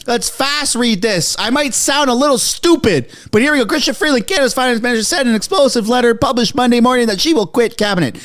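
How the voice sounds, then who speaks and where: A man reacting live to breaking news from his basement, excitable and out of breath, yelling one moment and muttering the next. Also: very high voice, fast, hardly any pauses. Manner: excitable, shouting, swinging from frantic to muttering. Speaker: political commentary streamer. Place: home basement.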